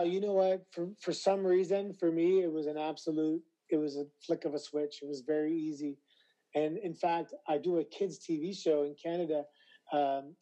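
A slightly hoarse man answering interview questions, his voice raised a touch above the usual male range yet very dark and mellow in colour. He tells stories with animated energy, often stumbling and restarting mid-sentence. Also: a little high, rough recording. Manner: animated storyteller with frequent stammered restarts. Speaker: interview guest, former wrestler. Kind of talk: casual interview chat.

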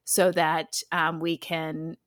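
A woman's voice: low-pitched, level tone, slow pace. A woman co-hosting a podcast in casual chat, teasing and laughing often. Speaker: podcast co-host.

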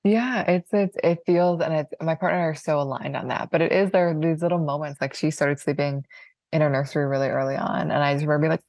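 Low-voiced reflective woman guest. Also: fairly even intonation, fast talker, darkish tone, dry recording, studio quality. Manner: upbeat and reflective, fillers like "like". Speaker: guest, new mother. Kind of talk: casual chat.

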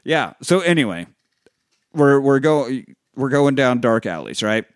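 A man's voice: mid-range voice, very animated, clear, resonant tone, dry recording. Man, podcast co-host, casual film recap, cursing and acting out scenes, dry close sound. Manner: profane, acts out scenes in quick voices.

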